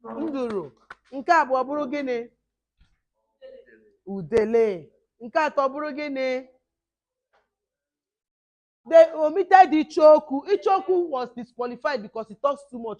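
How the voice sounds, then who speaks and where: A middle-aged woman with a hoarse voice, leading children at a camp in lively call-and-response. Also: high-pitched, measured pace, pauses often. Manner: animated, call-and-response, mixing two languages. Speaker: camp teacher.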